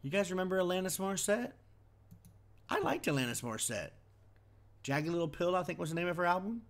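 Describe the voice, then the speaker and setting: A man's voice: high-pitched, sing-song, a little fast. A man chatting casually as he reacts to a concert video, wondering aloud and easily impressed.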